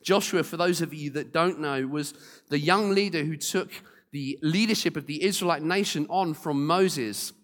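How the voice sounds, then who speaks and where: Man, preacher, storytelling sermon, slightly high voice, long hall reverb. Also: moderate pace. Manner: lively storyteller, acting out quotes, direct to congregation.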